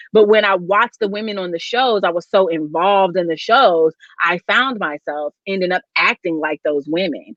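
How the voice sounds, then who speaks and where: A woman's voice: medium pitch, dry recording. A young adult woman hosting a casual chat, talking candidly and laughing often. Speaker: host. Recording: dull dry lo-fi sound.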